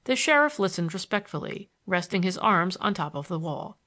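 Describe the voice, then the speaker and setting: A woman reading a novel aloud as an audiobook narrator, in an even, measured way. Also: lowish voice.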